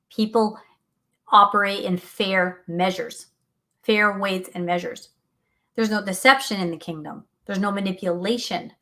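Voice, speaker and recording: A woman's voice: mid-range voice, fairly bright tone. A middle-aged woman hosting a faith talk show, speaking earnestly and animatedly, often laughing, reading out listener comments. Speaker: radio show host.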